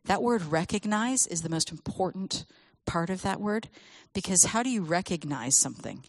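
A woman's voice: lowish voice, moderate pace, no room sound. Woman telling stories to a church crowd. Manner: animated storytelling with acted quotes. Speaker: speaker on children's ministry. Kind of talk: talk to a church audience.

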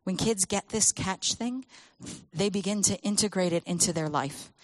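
A woman speaking to a church audience about children and faith, telling stories with lively acted quotes. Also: medium pitch, normal speed, dry recording. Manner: animated storytelling with acted quotes.

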